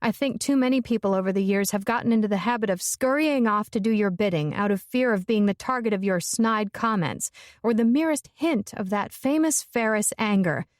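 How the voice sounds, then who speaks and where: A woman's voice: mid-range voice, lively intonation, a little fast, few pauses, dry recording, clean studio sound, close to an everyday voice. A woman narrator voicing a blunt, fiery young woman, speaking emphatically and forthrightly.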